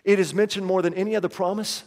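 A man's voice: high voice, flat delivery, fast talker, darkish tone. A man preaching a sermon as pastor, emphatic and repeating key lines, leading the congregation in call-and-response. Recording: long reverb of a large hall.

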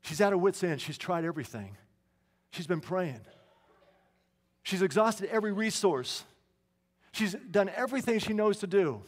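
A pastor with a high-pitched voice preaches a sermon, chatting with the congregation through asides and restarts. He's animated, speaks at a moderate pace, pauses often, and his voice rings with long reverb through a church hall.

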